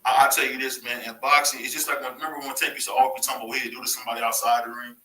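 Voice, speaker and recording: A man from Cleveland hosting a casual boxing talk show, animated and laughing often as he repeats his points. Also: medium pitch, rapid-fire, reverberant, poor audio. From Cleveland, USA. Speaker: podcast host.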